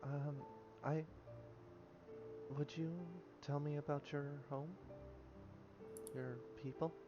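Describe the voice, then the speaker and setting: A man voicing a gentle, worried young woman adventurer who speaks softly and hesitantly in a tabletop game. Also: a little high, flat delivery, slow pace, pitched above the performer's own voice. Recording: muffled lo-fi with music behind.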